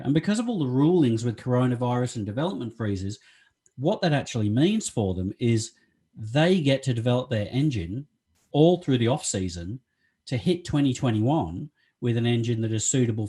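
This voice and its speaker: A man's voice: medium pitch, expressive, moderate pace, dark tone, husky. A man co-hosting a podcast in casual chat, talking freely and laughing often. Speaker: podcast co-host.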